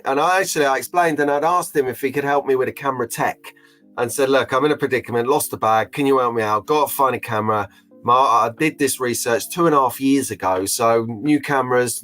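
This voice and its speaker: A man's voice: mid-range voice, fairly bright tone. A middle-aged man hosting a live stream in a chatty, jokey, openly emotional way. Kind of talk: casual live-stream chat.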